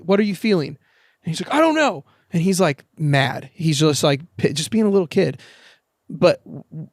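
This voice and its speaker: A man chatting as a podcast guest outdoors, telling lively stories, acting out quoted lines and swearing casually. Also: a little high, no room sound, clean studio sound. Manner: animated storyteller, acts out quoted voices, swears casually. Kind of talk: casual chat. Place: outdoor backyard.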